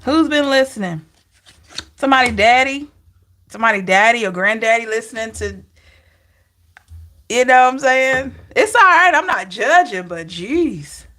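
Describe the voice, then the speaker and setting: A woman's voice: a little high, lively intonation, normal speed, long pauses, fairly bright tone. A middle-aged woman with a Southern drawl giving a chatty live-stream tarot reading, laughing and greeting her viewers. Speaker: tarot reader.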